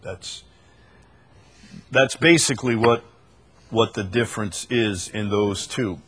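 A male pastor preaching a sermon, teaching from the Bible in an unhurried way and repeating key phrases for emphasis. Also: fairly low pitch, fairly bright tone, husky.

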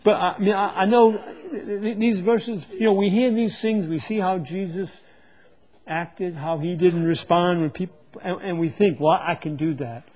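A man's voice: high-pitched, normal speed, a little mellow. A man preaching a sermon to a live congregation, teaching from the Bible and often stopping to repeat words as he searches for them.

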